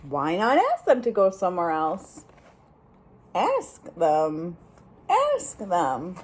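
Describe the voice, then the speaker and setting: A woman's voice: on the low side, huge pitch swings, slow pace, husky, voice pushed down, heavily acted. A woman voicing a cheerful, helpful female pig in a storybook read-aloud, in an upbeat, encouraging way.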